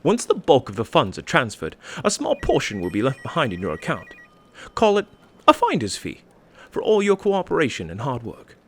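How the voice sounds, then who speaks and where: A man playing a polite, smooth-talking English phone scammer in a comedy sketch, formal and unflappable, with an English accent. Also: mid-range voice, huge pitch swings, normal speed, slight background noise. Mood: persuasive. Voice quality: velvet smooth, courteous.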